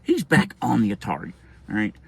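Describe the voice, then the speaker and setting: A man's voice: fairly low pitch, wildly swooping pitch, brisk, creaky, fairly bright tone, slightly rough. A middle-aged man telling a childhood story in a casual, rambling, profane way with many restarts.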